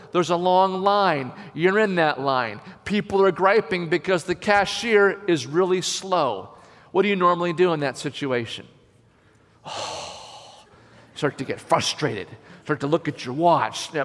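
A man preaching a sermon as a pastor, emphatic and slowing down to stress key phrases. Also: high-pitched, fairly bright tone. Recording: long hall reverb.

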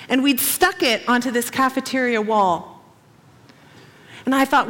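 A woman preaching to an audience in an animated, expressive storytelling style, acting out quotes. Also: fairly high pitch, normal speed, big-room sound. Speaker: speaker, former missionary. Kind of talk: sermon storytelling.

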